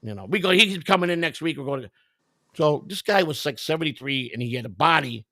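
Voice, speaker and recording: A man's voice: a little high, lively intonation, a little fast, sharp tone, no echo, studio quality. A man hosting a livestream, telling stories in casual chat in a blunt, profane, emphatic way and acting out other people's lines. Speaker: livestream host.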